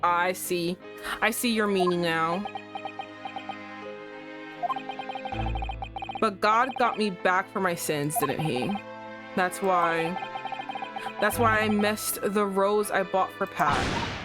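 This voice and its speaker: A guilt-ridden young male police constable, as a woman lowers her voice to read him, confessing in halting, pleading bursts. He sounds a touch deeper than her own voice, with game music playing clearly behind. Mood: guilty. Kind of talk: reading game dialogue aloud.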